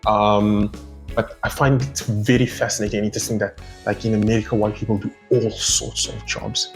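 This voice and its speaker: A man's voice: lowish voice, flat delivery, moderate pace, soft background music. A young man from South Africa chatting casually in a vlog, rambling through asides and laughing as he goes. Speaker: vlogger.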